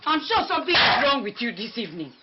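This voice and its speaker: A long-suffering wife, lively voice. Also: female voice, on the high side, quick pace, very noisy. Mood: defensive. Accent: Nigerian. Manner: pleading, soothing, then firmly defending herself. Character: patient, long-suffering wife caring for a sick husband. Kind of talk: film drama acting. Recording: dull lo-fi film sound with music.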